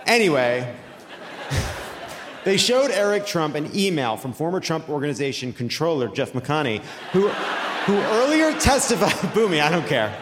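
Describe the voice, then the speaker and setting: Male comedy host, higher-pitched voice, live theater stage with long reverb and faint hiss. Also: expressive, normal speed. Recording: live hall recording with reverb and faint noise.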